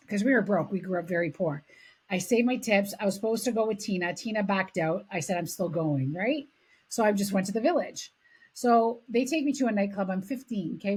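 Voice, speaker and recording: A husky woman from Canada tells stories on a podcast with lots of energy. She talks loosely and swears freely. Her voice has a rough, breathy edge. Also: mid-range voice, poor audio. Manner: animated storyteller, swears freely, laughs mid-story. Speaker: podcast host. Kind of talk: casual chat.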